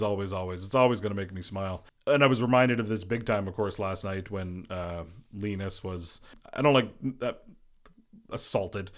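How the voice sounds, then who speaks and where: A man hosting a casual solo sports podcast, a former goalie who rambles and fills his talk with "you know". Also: fairly low pitch. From Boston area. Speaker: podcast host.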